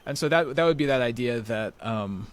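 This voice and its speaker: In a theological podcast conversation, a male guest with an expressive mid-range voice talks at a moderate pace. He explains his ideas with care, leaning heavily on "you know" as a filler.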